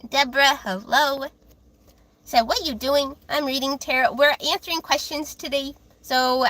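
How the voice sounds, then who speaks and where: A young woman with a high, childlike voice, chatting casually with viewers on a livestream while reading tarot. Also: bright, forceful tone. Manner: chatty, giggly, reads chat aloud.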